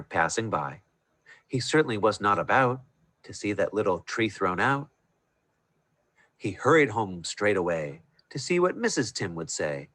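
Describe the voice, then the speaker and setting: A man's voice: on the low side, no room sound. Man reading a rhyming storybook aloud. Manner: sing-song, expressive reading. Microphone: video call.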